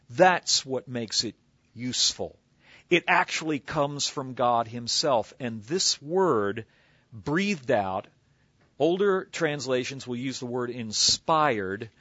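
A pastor giving an expository sermon in a conversational teaching manner, explaining word origins with asides. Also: male voice, medium pitch, lively intonation, slow pace, bright, forceful tone, dry recording. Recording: slightly dull lo-fi recording.

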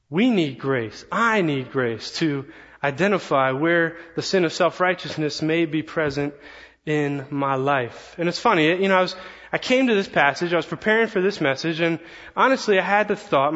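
A man preaching a sermon, earnest and animated, telling a story with quoted asides. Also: fairly high pitch. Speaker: pastor. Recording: long reverb, slightly dull sound.

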